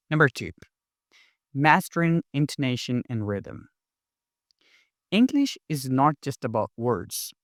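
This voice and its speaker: A man giving a scripted English lesson in a clear, deliberate, instructive way. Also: mid-range voice, no room sound, clean studio sound. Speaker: English teacher.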